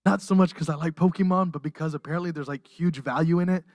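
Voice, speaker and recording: A pastor delivering a livestreamed sermon, impassioned and emotional, rising to near-shouts and dropping to hushed softness. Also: medium pitch, fairly even intonation, quick pace, no echo, studio quality. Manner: impassioned, swings from raised intensity to hushed softness. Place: church.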